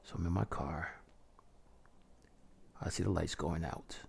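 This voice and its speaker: Gravelly, creaky low-voiced man, menacing. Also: steady tone, slight background noise. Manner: slow, menacing, often half-whispered. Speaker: storyteller. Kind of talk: first-person horror monologue.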